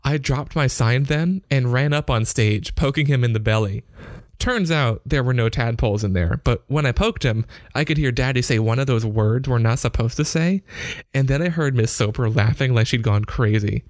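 A man's voice: mid-range voice, no echo. Man narrating a story, dry sound. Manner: measured storytelling. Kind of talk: short story reading.

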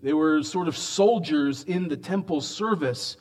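Preacher, male, fairly high-pitched, emphatic, big swings from loud to hushed. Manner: emphatic, swings between loud raised lines and quiet low asides; drawn-out slow emphasis on quoted lines. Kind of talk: expository sermon.

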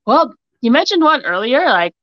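A woman's voice: sits high, sing-song, normal speed, dry recording, muffled recording. A young woman author from Hawaii, raised in Utah, chatting casually as an interview guest, giggling often and filling her talk with "like". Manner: giggly, many "like" fillers.

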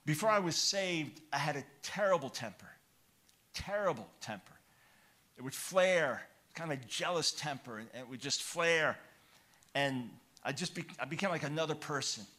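A man preaching a sermon, telling a personal story with animated, rising excitement, then calling listeners to change. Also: moderate pace. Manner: animated storytelling, grows loud and high when excited.

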